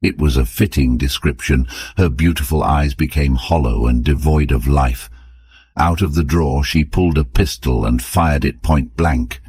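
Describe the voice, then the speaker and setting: A man with a very deep, husky voice reading a story aloud in a clear, even way. The sound is dry and close, with no room around it. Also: normal speed, no echo. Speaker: narrator. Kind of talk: audiobook narration for English learners.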